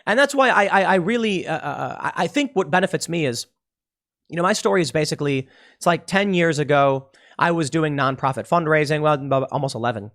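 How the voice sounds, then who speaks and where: A man's voice: on the high side, a little fast, a bit bright. A man hosting a podcast, delivering an emphatic political commentary monologue with repeated phrases and frequent restarts. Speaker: podcast host.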